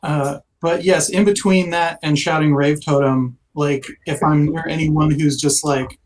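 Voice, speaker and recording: Halting man playing a tabletop game. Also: fairly high pitch, steady tone, rough recording. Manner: halting, with many fillers and laughs. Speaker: player. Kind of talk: in-character tabletop play.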